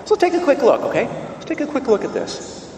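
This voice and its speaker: A man delivers a lively sermon with a pitch that swings up and down. He is heard from a distance, and his voice rings through a roomy church with a long reverb trail. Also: a little fast, a little hiss or hum. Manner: animated, questioning, emphatic repetition. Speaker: preacher. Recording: echoey church, voice from far off.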